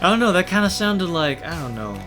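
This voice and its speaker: A man's voice: high-pitched, very animated, brisk, a bit bright, soft background music. A man co-hosting a podcast, joking and bantering in casual chat. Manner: joking banter, laughs a lot. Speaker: co-host.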